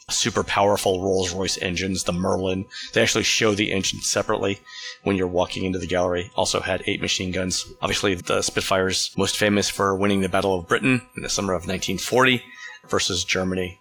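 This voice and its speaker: A man hosting a casual talk show, explaining things in a relaxed way with fillers and restarts. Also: low-pitched. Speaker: podcast host.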